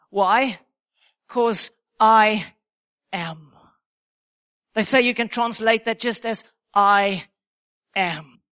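A man's voice: sits high, takes it slowly, long pauses, sharp tone. A man preaching a sermon, emphatic and repeating key phrases for effect.

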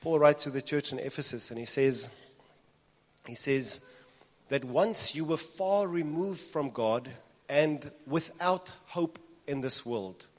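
A man's voice: a little high, expressive, slow. A man preaching a sermon to a congregation in an earnest way, repeating his phrases for emphasis. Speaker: pastor. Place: church hall. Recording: reverberant church hall.

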